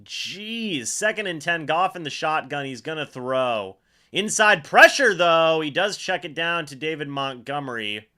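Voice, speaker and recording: A young man hosting a live fan watch-along, giving play-by-play and reacting excitedly, often repeating himself. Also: fairly high pitch. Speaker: fan livestream host calling a football game.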